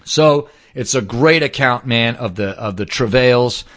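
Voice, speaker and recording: A man telling a story in casual chat, animated and slangy, swearing now and then. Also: mid-range voice, measured pace.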